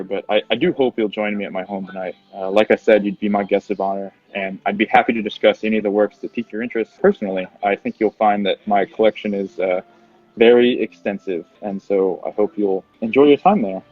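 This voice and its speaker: A man's voice: on the low side, narrow, tinny audio, close to an everyday voice. A man voicing a pompous, refined male art patron who stammers and gushes in flowery art talk.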